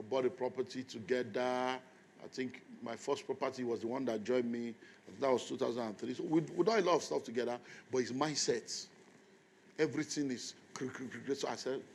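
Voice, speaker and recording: Man, Nigerian accent, middle-aged, lively sermon storyteller, mid-pitched. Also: slight background noise. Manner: animated storytelling, acts out dialogue. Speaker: preacher.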